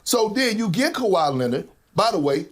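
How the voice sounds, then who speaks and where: A man's voice: sits high, very animated, normal speed, a little hiss or hum. A man giving sports debate commentary in an emphatic way, repeating his key numbers. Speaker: sports analyst.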